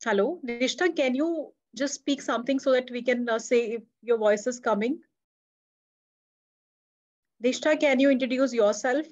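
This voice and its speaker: A woman's voice: high-pitched, moderate pace, pauses often. A woman teaching a reading class online, encouraging her students and checking that they can be heard. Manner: encouraging, many soft "hmm" acknowledgements. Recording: dull, lo-fi online call audio.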